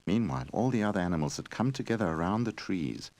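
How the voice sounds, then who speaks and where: A man giving scripted storybook narration in a gentle, expressive reading voice. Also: deep voice, quick pace, a little hiss or hum. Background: faint music.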